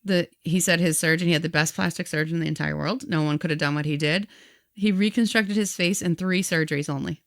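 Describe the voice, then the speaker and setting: Speaking fast in a lowish voice, a woman co-host on a podcast recounts someone else's story in casual talk, animatedly quoting the people as they spoke. The audio is studio quality with no room sound.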